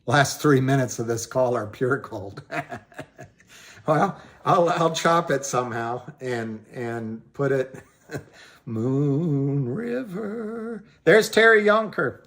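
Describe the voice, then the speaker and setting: A man's voice: medium pitch, expressive, slow pace, fairly bright tone. A man hosting a casual livestream, rambling about money and greeting viewers by name, often trailing off and restarting. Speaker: livestream host.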